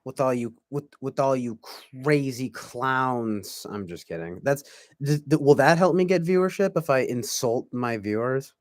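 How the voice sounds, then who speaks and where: A young man hosting a casual livestream chat, halting and repeating words, drawling some phrases with mock-soothing asides. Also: medium pitch, lively intonation, a little mellow, no echo, clean studio sound. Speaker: livestream host.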